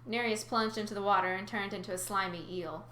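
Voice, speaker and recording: A woman's voice: mid-range voice, steady tone, a little fast, pushed and bright, a little hiss or hum. A woman reading a first-person adventure story aloud, with chatty asides to her listeners. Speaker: narrator. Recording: roomy recording.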